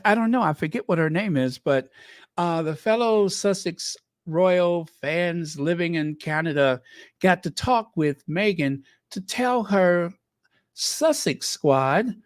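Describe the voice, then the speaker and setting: In a lowish voice, a woman hosts a royal news livestream with casual commentary, unhurried and meandering. She chats constantly, full of fillers, false starts and restarts, and gushes sentimentally over what she reads out. The recording is dry and close, with no room sound.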